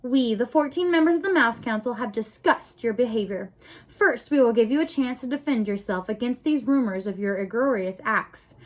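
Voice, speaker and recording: A woman's voice: fairly high pitch, normal speed, close to an everyday voice. A woman voicing a stern, worried male head mouse presiding over a trial in a commanding way.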